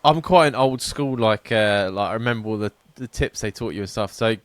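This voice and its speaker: Male co-host, lowish voice, rambling self-deprecating anecdotes, dry mic. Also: fairly quick, no room sound. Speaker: podcast co-host. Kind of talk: casual chat.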